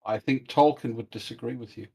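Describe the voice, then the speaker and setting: A man's voice: mid-range voice, a little fast, gravelly, a little mellow, husky. A man in a casual online debate who teases and needles the others.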